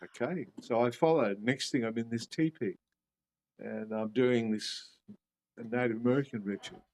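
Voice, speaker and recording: A man's voice: mid-range voice, moderate pace, darkish tone, rough recording. A middle-aged Australian man as an interview guest, telling his story with animation and acting out his own past reactions. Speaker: guest, shamanism teacher.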